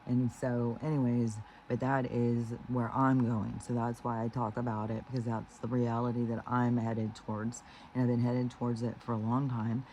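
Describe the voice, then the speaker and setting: A man giving a rambling spiritual monologue, full of fillers and restarts and slowing down on his key phrases. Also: medium pitch, flat delivery, darkish tone, slight background noise, poor audio. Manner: meandering, heavy with fillers and restarts; earnest, slows down on key phrases. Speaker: spiritual vlogger.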